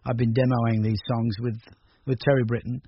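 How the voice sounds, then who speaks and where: An older Australian man, a musician appearing as a guest, talks through his music career in a rambling, hesitant radio interview full of restarts. His mid-range voice moves little in pitch and keeps a normal speed. The radio recording sounds dull, with faint noise.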